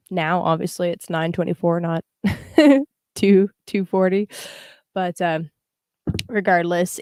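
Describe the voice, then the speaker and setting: A woman's voice: fairly low pitch, darkish tone, dry recording, clean studio sound. A young woman hosting a casual astrology livestream, chatting with viewers and explaining a chart with plenty of fillers. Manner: chatty, greets live viewers, frequent fillers. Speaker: astrologer and tarot livestream host.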